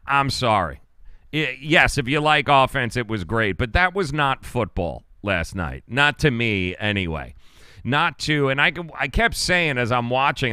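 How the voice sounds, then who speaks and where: A man's voice: medium pitch, bright, forceful tone, clear, resonant tone, no echo. A male sports talk show host ranting casually about a football game, exasperated and rambling, with frequent restarts.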